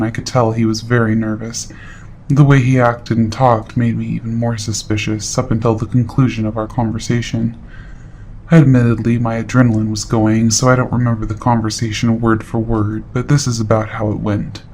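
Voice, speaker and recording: A man reading a horror story aloud in steady, matter-of-fact scripted narration. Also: medium pitch, brisk, a little hiss or hum.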